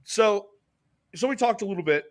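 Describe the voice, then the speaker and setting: Animated American man telling a story. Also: normal speed. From United States. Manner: animated, swearing, jumps pitch when quoting people. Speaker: podcast co-host. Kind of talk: casual storytelling chat.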